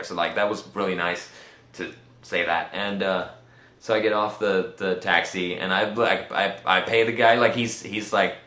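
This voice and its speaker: Deep-voiced man rambling through a story. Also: unhurried, pushed and bright, reverberant. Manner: rambling, repeats words, many fillers. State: tired, nauseous. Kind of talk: casual storytelling.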